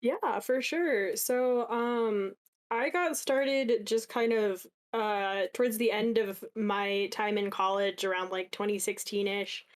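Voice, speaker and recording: Relaxed, chatty podcast guest. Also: medium pitch, slow pace. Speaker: podcast guest, site editor. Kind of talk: casual interview.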